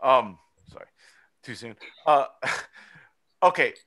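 A man hosting a casual podcast chat, talking in an animated, rambling way and swearing often. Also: mid-range voice, slow. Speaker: podcast host.

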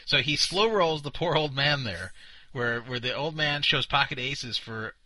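Male co-host, snarky running commentary, bright dry sound. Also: mid-range voice, expressive, a little slow, no room sound, rough recording. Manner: sarcastic, mocking, laughs often. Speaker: podcast co-host. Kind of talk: casual commentary on a video.

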